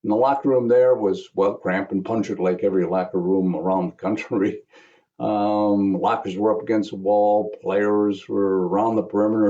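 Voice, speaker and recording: A man's voice: lowish voice, mellow, muffled recording. A man in his seventies giving a remembrance speech as a guest speaker, telling a personal story with wry asides. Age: 70s.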